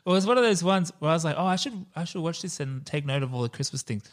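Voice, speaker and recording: Chatty man, quick to laugh. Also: on the high side, expressive. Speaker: podcast co-host. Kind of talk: casual movie review chat.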